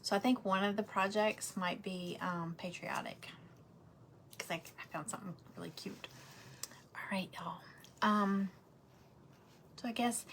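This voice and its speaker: A woman's voice: mid-range voice, a bit bright, a little hiss or hum. A woman, chatting casually and rambling to viewers as she hosts a craft livestream from home.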